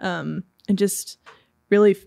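A woman's voice: medium pitch, fairly even intonation, unhurried, creaky, dark tone, no room sound, studio quality. A woman on a faith podcast, talking in a candid, laughing, self-mocking way. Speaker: podcast co-host.

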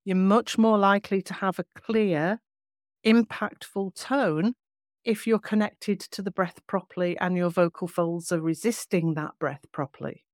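A woman voice coach explaining vocal technique in a clear, measured teaching manner. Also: mid-range voice, darkish tone, dry recording, studio quality. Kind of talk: podcast teaching.

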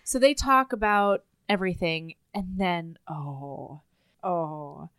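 A woman's voice: fairly low pitch, slow, fairly bright tone, clean tone, no room sound, clean studio sound. A woman in casual conversation, animatedly retelling a story and acting out bits of dialogue. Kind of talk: casual book chat.

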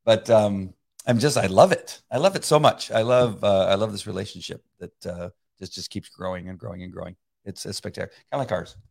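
A middle-aged man chatting casually about faith, rambling with many halting restarts and frequent laughs. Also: lowish voice, vocal fry. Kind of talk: casual conversation.

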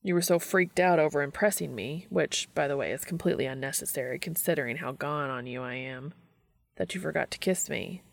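A woman voicing a flustered, earnest adult man as she reads a story aloud, rushed and breathless. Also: low voice, creaky, pitched below the performer's own voice. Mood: tender. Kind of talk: audiobook fiction reading.

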